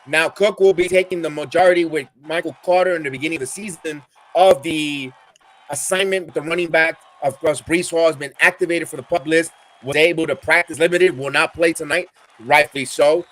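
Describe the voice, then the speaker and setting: A middle-aged man with a Bronx New York accent, hosting a live football watch-along stream as an excitable, chatty fan. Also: on the high side, brisk. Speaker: podcast host.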